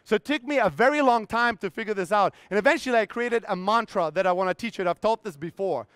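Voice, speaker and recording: A man's voice: sits high, fast, fairly bright tone, clear, resonant tone, no echo. A man in his thirties giving a blunt, profane motivational talk on a conference stage, acting out his own inner voices, his voice strained. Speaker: keynote speaker.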